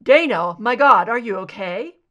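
A woman's voice: a little high, sing-song, moderate pace, fairly bright tone. A woman reading aloud, voicing a worried and protective adult man who speaks earnestly.

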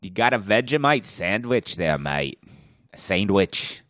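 A man's voice: lowish voice, big pitch swings, unhurried, a bit bright, dry recording, studio quality. A man putting on a goofy Australian bloke, playing with slang. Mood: jokey. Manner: hamming up Aussie slang.

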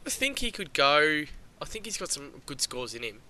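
A man's voice: fairly high pitch, very animated, normal speed, sharp tone. A man co-hosting a podcast in casual chat, upbeat and asking his partner questions. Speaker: podcast co-host. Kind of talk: casual fantasy sports chat.

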